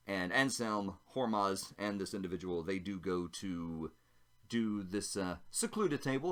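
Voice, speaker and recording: A man's voice: low-pitched, a bit bright. A man narrating a solo tabletop role-playing game, chatting casually and thinking aloud as he rolls dice.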